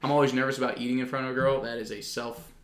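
A man's voice: mid-range voice, flat delivery, racing. A young man co-hosting a podcast, talking in a blunt, jokey, rambling way. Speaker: podcast co-host. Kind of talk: casual chat. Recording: echoey room.

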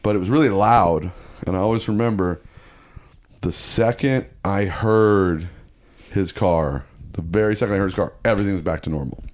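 A man with a fairly low voice tells a personal story as a podcast guest. His talk is loose and profane, full of restarts and asides as he circles through the details. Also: moderate pace, a little mellow. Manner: profane, rambling anecdote with restarts. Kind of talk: casual storytelling.

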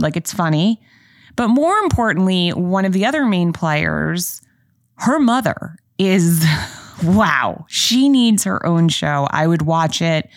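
Woman podcast host, young adult, chatty and candid, lowish voice, dry close sound. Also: vocal fry, dry recording. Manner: chatty, candid storytelling with playful asides. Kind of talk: casual solo podcast chat.

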